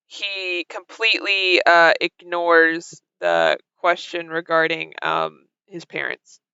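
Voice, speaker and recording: A dungeon master narrating a tabletop game, halting with many fillers. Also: mid-range voice, animated, creaky, bright, forceful tone, clean tone, no echo, dull audio.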